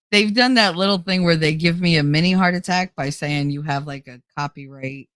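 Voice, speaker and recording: Woman vlogger, middle-aged, rambling and joking, lowish voice, dry close sound. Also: moderate pace, a bit bright, no room sound. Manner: rambling, joking, laughs often. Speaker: YouTube channel host. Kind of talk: casual chat to viewers.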